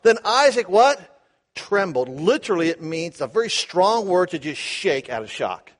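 A man teaching the Bible verse by verse, animated, asking his listeners questions and acting out the quotes. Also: high voice, moderate pace. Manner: animated, asks the audience questions, acts out quotes.

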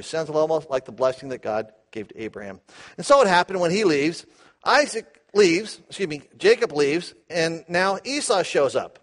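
A man teaching the Bible verse by verse, animated, asking his listeners questions and acting out the quotes. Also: fairly high pitch, moderate pace. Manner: animated, asks the audience questions, acts out quotes.

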